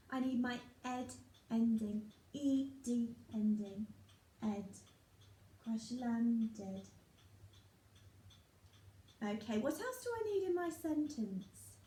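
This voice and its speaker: A woman teaching young children phonics, sounding out letters and words slowly and clearly. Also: high voice, warm tone, reverberant. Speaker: primary school teacher.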